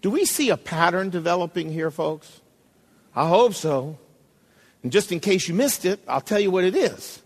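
A man's voice: sits high, animated, normal speed, in a large hall. A male pastor preaching a sermon, emphatic and calling out to the congregation, at times reading a poem aloud with drama.

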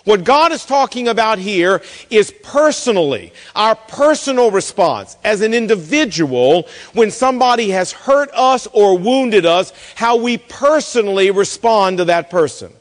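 A man's voice: high voice, a little slow, hardly any pauses, long reverb tail. A man preaching a sermon, telling a story and acting out the voices of the people in it. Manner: storytelling, animated, acts out quoted voices. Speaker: pastor.

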